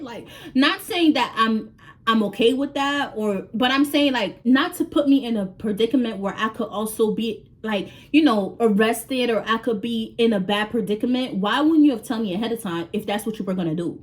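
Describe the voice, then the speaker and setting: Young New woman vlogger, lively storyteller, swears freely, voice a bit high. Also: normal speed. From New York. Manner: animated, swears freely, acts out quoted dialogue. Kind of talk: casual storytime vlog.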